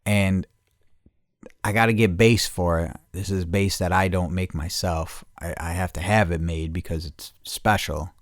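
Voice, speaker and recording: A man's voice: low voice, steady tone, measured pace, no room sound, studio quality. A podcast host in casual, rambling storytelling, swearing a lot and repeating himself as he talks. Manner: profane, restless, repeats himself.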